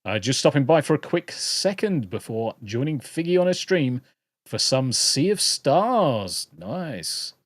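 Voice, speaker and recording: A man's voice: mid-range voice, sing-song, measured pace, dry recording. British man, livestream host, rambling, jokey, swearing, dry close mic. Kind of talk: casual livestream chat.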